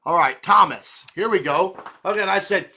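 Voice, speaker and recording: A man's voice: high voice, moderate pace, creaky, bright, forceful tone. A man pastor giving a conversational sermon, earnestly checking in with listeners and often rephrasing mid-thought.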